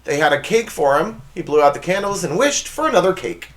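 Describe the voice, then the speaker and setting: Comedy host, male, lively pitch, bit high, noisy home recording. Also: fairly quick, faint music behind. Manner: jokey, reads punchlines with big pitch swings. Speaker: show host. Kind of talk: comedy monologue.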